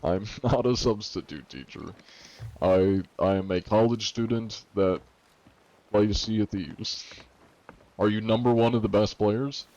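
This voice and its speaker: A man's voice: fairly low pitch, unhurried, a little mellow, lo-fi sound. A 21-year-old American man streaming and joking sarcastically while answering questions from chat. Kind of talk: casual livestream chat.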